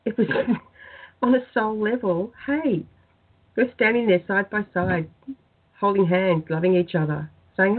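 Husky woman on a phone line. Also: mid-range voice, unhurried. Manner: earnest, storytelling, soft-spoken. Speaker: guest. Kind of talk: spiritual radio interview. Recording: tinny phone-line sound.

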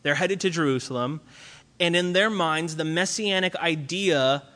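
Man preaching, conversational, bright forceful voice, long hall reverb. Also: fairly high pitch, normal speed. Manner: casual and conversational, many fillers and restarts. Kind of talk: sermon.

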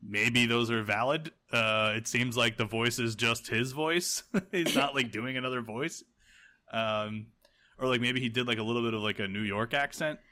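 A man's voice: mid-range voice, normal speed, pushed and bright. A man co-hosting a casual podcast chat, rambling with lots of fillers and laughing often. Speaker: podcast co-host.

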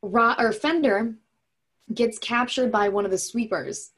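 Breathy woman chatting through a movie recap. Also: on the high side, measured pace. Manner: chatty, jokey, lots of "like" and fillers.

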